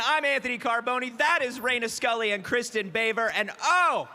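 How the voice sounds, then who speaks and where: A man co-hosting a live event broadcast, upbeat and joking, sometimes shouting. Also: very high-pitched, fairly quick, few pauses, slight background noise. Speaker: live show co-host.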